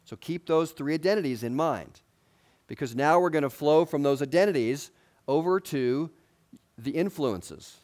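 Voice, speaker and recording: A man's voice: on the high side, moderate pace, darkish tone. Conversational male preacher giving a sermon. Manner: conversational, asks the congregation questions, light humor.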